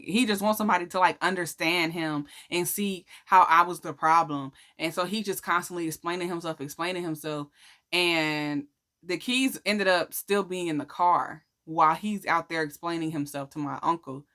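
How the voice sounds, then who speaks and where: Bright-voiced woman telling a story. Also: fairly low pitch. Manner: chatty, slangy, acts out quotes. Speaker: vlogger sharing a faith testimony. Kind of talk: casual storytelling.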